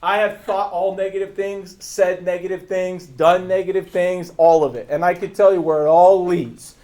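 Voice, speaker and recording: A man with a high voice gives his agency team a fervent, sermon-like talk. He is blunt and repeats his points over and over, hammering them home with rhetorical questions. His delivery is confrontational and breaks into bursts of laughter. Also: fairly even intonation, moderate pace, a little mellow. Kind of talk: fervent motivational preaching.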